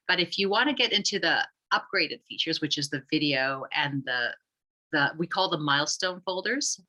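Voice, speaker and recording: A woman with a deep, sharp-toned voice chats about an app she founded, rambling with plenty of fillers and restarts in a conversational explanation. The recording is low quality.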